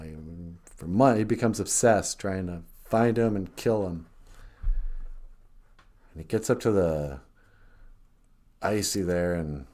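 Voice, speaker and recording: A man's voice: fairly low pitch, darkish tone. A man co-hosting a podcast, retelling a story casually and rambling, with many restarts. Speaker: podcast co-host.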